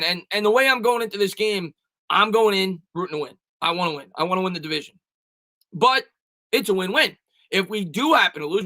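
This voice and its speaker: A sports channel host with a high, sharp-toned voice reads out viewer comments on a live stream and answers them casually. He talks fast, repeats himself and keeps stammering and restarting. There's no room sound at all.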